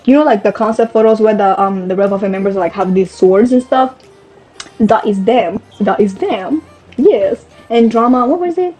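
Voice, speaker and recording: Speaking at normal speed with a warm tone and medium pitch, a young fashion vlogger chats casually, wandering off topic and fixing her own words along the way. There's faint background music.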